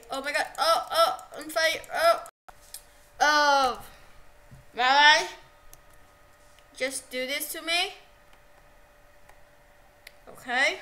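A young woman livestreaming a game, excitable and repeating herself, yelping at what happens on screen. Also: high-pitched, very slow, long pauses, poor audio. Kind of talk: live gameplay commentary.

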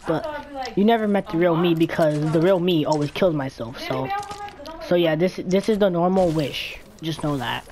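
A woman chatting casually while gaming with a friend, stammering and breaking into sudden shouts. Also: fairly low pitch, normal speed, crowd noise. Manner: stammering, excitable, shouty outbursts. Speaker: gamer streaming with a friend. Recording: faint background noise.

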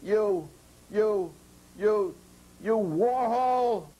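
A man voicing a hot-headed male radical who bursts out loudly while reading a story aloud. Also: mid-range voice, expressive, a little slow, rough recording. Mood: furious. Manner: loud, indignant outbursts.

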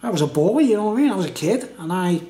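A man's voice: high voice, animated, very fast, dark tone. A tipsy man reviewing beer in a casual, meandering monologue full of filler phrases. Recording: echoey room.

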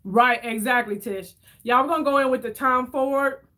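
A woman chatting casually with her viewers while doing her makeup, telling stories in an animated way and reading their comments aloud. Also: sits high, normal speed. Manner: chatty, animated storyteller, addresses viewers as y'all. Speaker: beauty vlogger reading live chat.

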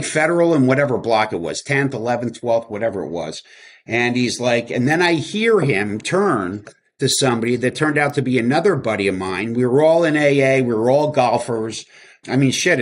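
A man's voice: medium pitch, a little hiss or hum. Candid man rambling through his story. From New Jersey. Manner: rambling and candid, with many fillers and acted quotes. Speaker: interview guest. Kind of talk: casual storytelling.

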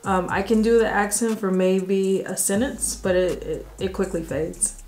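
A woman's voice: mid-range voice, fairly even intonation, measured pace, a little mellow. An American woman co-hosting a family Q&A, reading out viewer questions and answering them in an easygoing way. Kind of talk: casual Q&A chat.

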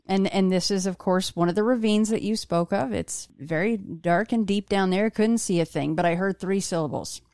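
A woman's voice: medium pitch, moderate pace, few pauses, a little mellow, clear, resonant tone, no room sound, clean studio sound. A woman hosting an interview, telling a story in a chatty way with frequent restarts. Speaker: podcast host. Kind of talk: casual interview chat.

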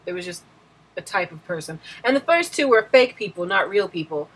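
A woman's voice: lowish voice, lively intonation, fairly quick, fairly bright tone, breathy edge. A woman hosting a web show who chats casually and bubbly with her viewers. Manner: bubbly, giggly.

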